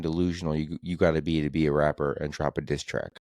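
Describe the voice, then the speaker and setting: A man's voice: rumbling low, level tone, fast, a little mellow, dry recording. A young man hosting a solo comedy podcast, rambling through exasperated, profane rants about the news. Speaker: podcast host.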